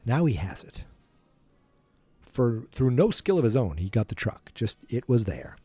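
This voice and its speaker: A man's voice: mid-range voice, very animated, measured pace, warm tone, husky, dry recording, soft background music. A man hosting a podcast, casually retelling a film from memory in a rambling, self-deprecating way. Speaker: podcast host.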